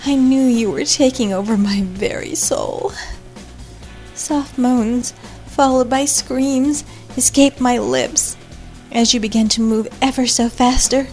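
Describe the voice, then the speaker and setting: Breathy, passionate woman narrator. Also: medium pitch, a little slow, a little mellow, faint music behind. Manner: breathy, passionate, with moans and cries. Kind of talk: adult erotic story narration.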